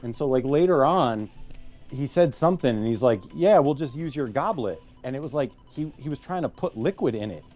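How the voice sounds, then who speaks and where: A man's voice: mid-range voice, animated, fairly quick, darkish tone, soft background music. A man telling a rambling, self-mocking anecdote in casual chat on a stream.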